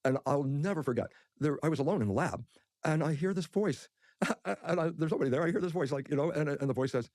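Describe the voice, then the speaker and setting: A man speaking as a podcast guest, telling personal stories in an excited, animated way and often repeating his words. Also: on the high side, quick pace, dry recording, studio quality. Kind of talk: animated storytelling in conversation.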